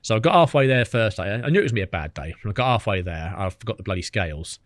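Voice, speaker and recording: Fast-talking cheeky angler. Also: male voice, fairly low pitch, expressive, no echo. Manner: cheeky, rapid anecdotes full of mimicry. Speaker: podcast guest, angler. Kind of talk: casual storytelling.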